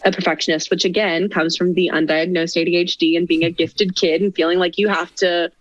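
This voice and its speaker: A woman's voice: fairly low pitch, flat delivery, fairly quick, no echo, highs cut off. A young woman in her twenties chatting as a podcast guest, laughing often and making self-deprecating asides. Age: 20s. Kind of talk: casual chat.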